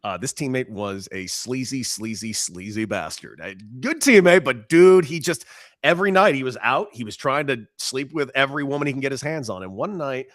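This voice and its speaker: A man co-hosting a talk show, telling a story in a casual, animated way that gets loud and high-pitched as it builds. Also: moderate pace, no room sound. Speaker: radio co-host, former baseball player.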